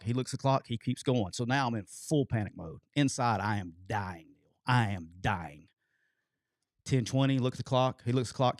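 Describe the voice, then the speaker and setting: A man, co-hosting a show and telling a long story in an animated way, swearing casually. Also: mid-range voice, no echo, studio quality. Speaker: co-host telling a coaching story.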